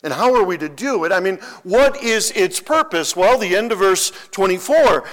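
Male pastor, higher-pitched voice, emphatic sermon delivery with repetition. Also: lively intonation, normal speed, few pauses, fairly bright tone. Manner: emphatic preaching with repeated phrases.

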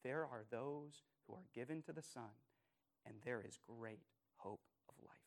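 A man preaching a sermon as pastor, earnest and emphatic, asking his listeners repeated questions and dropping to quiet, soft phrases. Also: medium pitch, a little slow, vocal fry.

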